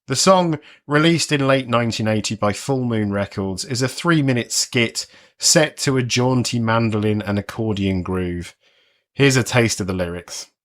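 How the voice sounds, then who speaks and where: Wry male podcast host in his forties, mid-pitched, scripted narration with a sardonic edge. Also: moderate pace. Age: 40s.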